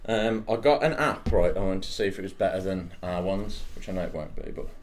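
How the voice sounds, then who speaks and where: A man's voice: low-pitched, steady tone, fairly quick. A man co-hosting a podcast, chatting casually, swearing and laughing often in playful banter. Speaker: podcast co-host. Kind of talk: casual chat.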